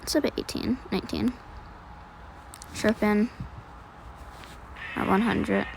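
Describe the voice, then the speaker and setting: A woman's voice: mid-range voice, takes it slowly, gravelly. Young woman, chatty tutorial voice-over, slight background hiss. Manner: chatty, self-deprecating, rambling with fillers. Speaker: video editing tutorial creator. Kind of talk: casual screen-recorded tutorial voice-over.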